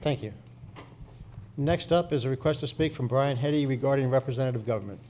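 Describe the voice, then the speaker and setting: Man, meeting chair, measured and polite, mellow voice, faint noise in the background. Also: mid-range voice. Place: county commission meeting chamber.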